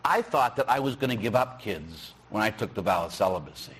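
Man, Catholic priest, middle-aged, husky voice, folksy sermon, teasing delivery. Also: on the low side, animated, a little fast. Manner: folksy, teasing, acts out dialogue with shouts. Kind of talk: sermon with storytelling.

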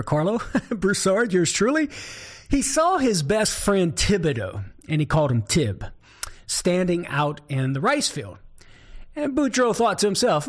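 Animated Cajun man hosting a talk show. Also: a little high. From southern Louisiana. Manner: animated storyteller, chuckles often. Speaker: show host, Catholic apologist. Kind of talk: scripted talk-show commentary.

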